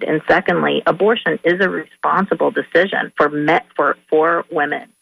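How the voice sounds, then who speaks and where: A woman guest on a radio interview who speaks firmly about her position. Her voice is heavily gravelly and husky, and the sound is dull and muffled, like a phone line. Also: low voice, fairly bright tone, dry recording. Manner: firm, assertive. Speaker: guest, reproductive rights advocate.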